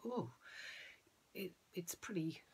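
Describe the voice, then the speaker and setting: A woman hypnotherapist explaining her craft in a soft, often half-whispered voice, shaping her tone with falling inflections. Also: fairly low pitch, animated, slow, slightly rough. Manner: plays with tone and downward inflections. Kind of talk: explanatory talk.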